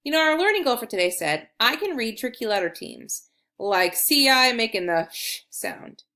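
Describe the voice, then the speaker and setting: A woman teaching an early reading lesson to young children, speaking in an encouraging, clear way. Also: a little high, sing-song, moderate pace, bright, forceful tone.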